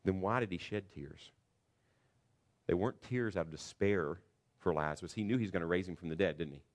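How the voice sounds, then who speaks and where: A man preaching a sermon in a church, earnest and building to loud, emphatic passages. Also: low voice, a little fast. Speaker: pastor.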